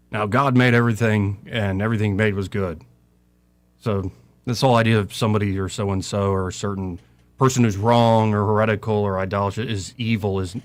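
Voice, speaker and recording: A middle-aged man giving impassioned talk radio commentary, preaching with scripture and swinging his voice up and down. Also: lowish voice. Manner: preacherly, quoting scripture, voice rising and falling.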